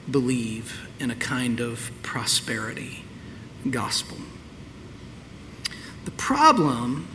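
A male pastor delivers a sermon in a candid, conversational way, with a bright, forward tone. He sits a little high in pitch for a man. A long church reverb hangs behind him, with faint room noise. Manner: candid, conversational preaching with restarts. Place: church sanctuary.

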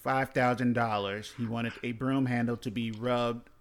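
A man's voice: mid-range voice, steady tone, normal speed. A man co-hosting a comedy podcast, reading strange news stories aloud with dry asides. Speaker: podcast co-host. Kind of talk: casual comedic podcast chat.

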